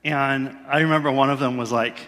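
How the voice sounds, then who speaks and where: A man's voice: mid-range voice, fairly even intonation, a little fast, a bit bright. A man preaching a sermon in a church in a loose, conversational way, laughing at himself now and then. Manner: conversational, self-deprecating, laughs often. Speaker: pastor. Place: church sanctuary. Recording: long reverb of a large hall.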